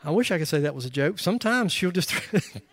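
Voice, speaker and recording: A middle-aged male pastor preaching a sermon, emphatic, swinging into loud bursts and joking asides. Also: on the high side, sing-song, fast, no echo.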